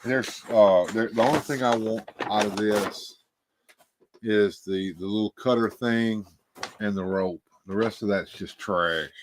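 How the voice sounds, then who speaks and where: A man hosting a casual livestream, tired and out of breath, talking in halting, rambling bursts full of fillers and restarts. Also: lowish voice, noisy background. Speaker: livestream host. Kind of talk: casual livestream chat, reading viewer comments.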